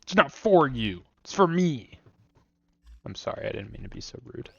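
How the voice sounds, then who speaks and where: Young guy streaming, low gravelly voice, rambly jokey commentary, kinda muffled dry mic. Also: big pitch swings, moderate pace, a bit bright. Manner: rambling, jokey self-mocking asides. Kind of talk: casual gameplay commentary.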